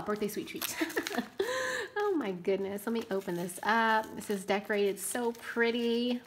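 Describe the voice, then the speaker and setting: A woman craft vlogger opening gifts in an unboxing vlog, gushing and excitable, often squealing and gasping. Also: mid-range voice, slight background noise.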